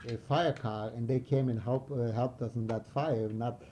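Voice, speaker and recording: Older man, dark halting storyteller. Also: mid-range voice, a little hiss or hum. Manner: halting, searching for words, animated storytelling. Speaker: interviewee recalling wartime past. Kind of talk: oral history interview.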